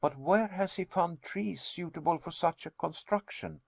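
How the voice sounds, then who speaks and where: A man voicing an anxious, excitable young nephew in a storybook reading. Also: sits high, moderate pace, gravelly, no echo, voice pushed up.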